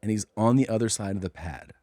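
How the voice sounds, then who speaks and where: A man from Minnesota co-hosting a podcast, telling a childhood story in an excitable, laughing, profane way. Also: fast, no echo, studio quality. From Minnesota, USA. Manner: excitable, laughs often, jumps high in pitch when amused. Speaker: podcast co-host. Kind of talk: casual comedic storytelling.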